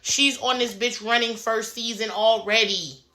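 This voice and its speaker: A woman, casually recapping a reality show in a blunt, profane, animated way and acting out the cast members' lines. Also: fairly high pitch, unhurried, reverberant.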